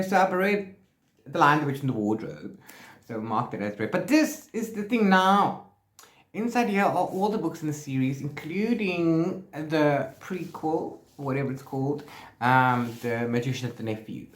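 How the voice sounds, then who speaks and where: A man vlogging about his reading, chatting casually and often correcting himself mid-sentence. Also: fairly high pitch. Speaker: book vlogger. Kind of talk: casual book review chat. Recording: roomy echo.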